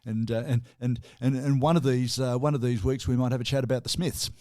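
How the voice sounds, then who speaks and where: A man with an Australian accent co-hosting a relaxed music talk show, chatting easily with chuckles and restarts. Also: medium pitch, a little fast, no echo, studio quality. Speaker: radio co-host. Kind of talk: casual chat.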